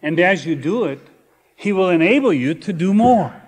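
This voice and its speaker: A male pastor preaching a sermon, reading scripture slowly and building to emphatic repeated phrases. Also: sits high, animated, husky. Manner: preaching with rising emphatic repetition; reads scripture slowly and deliberately.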